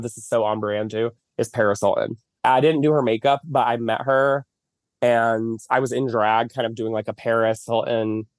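Lying in bed at home, this man, a makeup artist, is a podcast guest on a video call, spinning long, filler-heavy stories in a casual chat. His voice is medium in pitch, and the recording has studio quality with no room sound.

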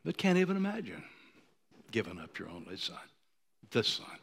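A man in his sixties preaching a sermon, moved to tears, who swings from ringing high declarations down to hushed near-whispers. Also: very animated, normal speed, long pauses. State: emotional, choked up. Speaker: pastor.

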